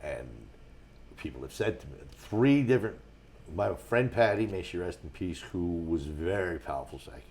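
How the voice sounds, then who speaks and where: A man, a guest on a talk show, telling rambling stories with a lot of restarts and getting animated as he goes. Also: low-pitched, moderate pace, slight background noise. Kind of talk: casual storytelling on a talk show.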